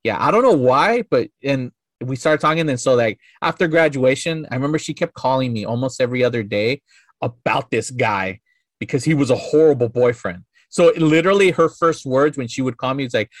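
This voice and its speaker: A man's voice: mid-range voice, a little fast, no echo, studio quality. A man in his thirties, a podcast guest telling a story casually in a rambling, profane way full of filler words.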